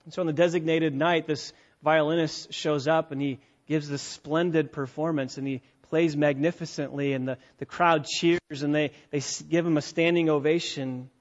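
A man preaching with a slightly higher voice, pressing his points with quick rhetorical questions. He drops to a near hush, then climbs into loud, driving passages. The recording sounds dull and lo-fi. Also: steady tone. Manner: emphatic, swings between hushed and loud, rhetorical questions. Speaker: pastor. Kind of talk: sermon.

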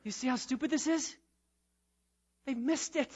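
A high-pitched man preaching with rising force, driving phrases home through repetition and swelling to loud peaks. The recording sounds dull and lo-fi. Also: unhurried, breathy edge. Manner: emphatic preaching, repeats phrases, rises to loud climaxes. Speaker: pastor. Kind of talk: sermon.

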